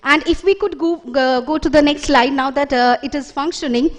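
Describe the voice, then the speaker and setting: A woman's voice: high-pitched, normal speed. A woman giving a conference presentation as a lecturer, explaining with fillers and self-corrections.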